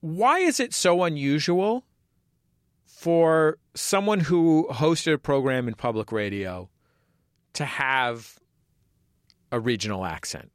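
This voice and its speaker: Wry, lively-voiced male interviewer. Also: a little high, slow, long pauses, no room sound, clean studio sound. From San Francisco. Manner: wry, playful questioning with lively swings. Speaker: podcast interviewer. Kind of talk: interview questions.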